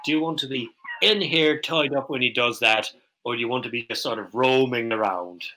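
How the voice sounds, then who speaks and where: Brash sweary guy playing his character, bright punchy voice. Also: medium pitch, fairly quick, poor audio. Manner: brash, profane and combative. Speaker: player. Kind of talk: playing a character in a tabletop game.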